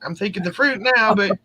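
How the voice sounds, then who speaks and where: A woman's voice: mid-range voice, pushed and bright, low-quality recording. A woman rambling through a story in casual chat, laughing often as she goes, with a drink in hand.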